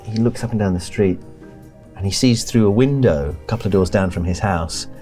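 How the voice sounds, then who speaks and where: A man's voice: lowish voice, a little fast, mellow, faint music behind. A man narrating a tabletop horror game as keeper, hesitant and full of ums. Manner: hesitant, lots of ums and laughter.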